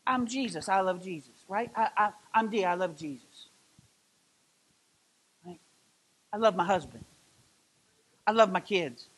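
Male pastor, high bright voice, impassioned sermon delivery with loud emphatic peaks. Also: a little slow, pauses often, husky. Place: church sanctuary.

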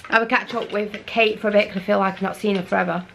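A woman's voice: mid-range voice, steady tone, quick pace, creaky. A woman with a Manchester accent chatting casually to the camera in a vlog, rambling and laughing often. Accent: Mancunian. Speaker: vlogger. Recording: loud background noise.

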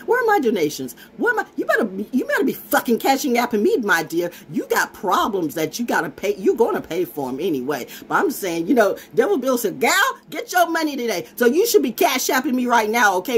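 A brash woman talks to her viewers in a loose, rambling monologue. Her voice sits a bit high and swings widely up and down as she goes. She swears freely and keeps restarting her phrases. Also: fairly quick, few pauses, breathy edge. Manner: brash, profane, animated. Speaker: vlogger and self-styled oracle.

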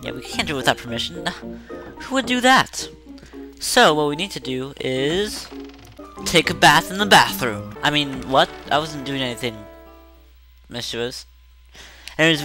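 A man hosts a let's play with rambling, joking commentary over gameplay. His voice is bright and a little high. He talks into a desk microphone with faint game music underneath. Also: normal speed, low-quality recording.

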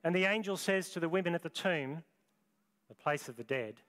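A man, preaching a sermon as pastor, with dramatic, deliberate storytelling and long pauses. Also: fairly high pitch, lively intonation, fairly bright tone.

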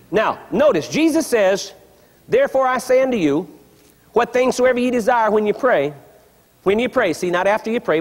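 A man preaching a sermon in a large church, teaching emphatically and firing repeated questions at the congregation. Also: high-pitched. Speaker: pastor. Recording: long reverb of a large hall.

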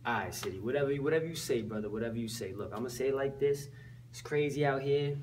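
A man's voice: mid-range voice, quick pace, distant mic, noisy background. A young man hosting an improvised comedy sketch, teasing the other characters in casual slang. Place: indoor room at home.

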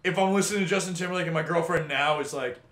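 A man of twenty-two hosting a casual gaming podcast, telling a story as an animated, swearing rant. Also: fairly high pitch, very fast, roomy sound. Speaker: host. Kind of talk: casual podcast chat over gameplay.

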